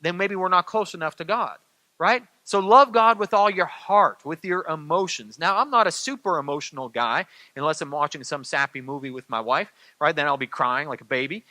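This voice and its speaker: A man's voice: on the high side, moderate pace, sharp tone, no room sound. A middle-aged man preaching a sermon as pastor, in a conversational way that keeps checking in with the congregation. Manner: conversational, repeats phrases, asks "right?" of the crowd.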